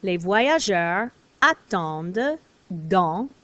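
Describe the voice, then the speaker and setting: Woman, patient teacher voice, clear step-by-step explaining, mid pitch. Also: very animated, drawn-out words, fairly bright tone, no echo, muffled recording. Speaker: French teacher. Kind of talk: recorded classroom lesson.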